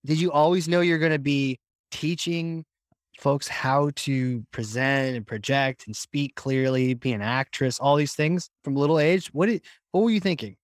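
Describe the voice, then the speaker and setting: A man's voice: fairly high pitch, moderate pace, no echo, clean studio sound. A man hosting a podcast interview, asking questions with friendly jokes. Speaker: podcast host.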